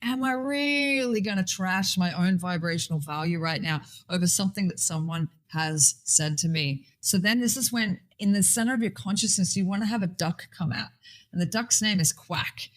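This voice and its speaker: A woman guest in casual chat, playful and animated, slipping into sing-song catchphrases. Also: lowish voice. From Swaziland.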